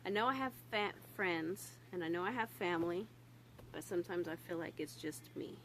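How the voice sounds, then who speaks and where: A young woman with a Southern US accent, talking candidly in a casual vlog, halting with many fillers and restarts and swearing freely. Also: on the low side, fairly bright tone, slight background noise, rough recording. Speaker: vlogger. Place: home room. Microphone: phone on a stand.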